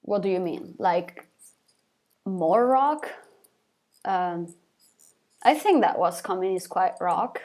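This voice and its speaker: A woman's voice: lowish voice, expressive, slow, pauses often, darkish tone. A young woman, a band's singer, reading fan questions aloud from a live chat and answering them casually, with lots of fillers and small laughs.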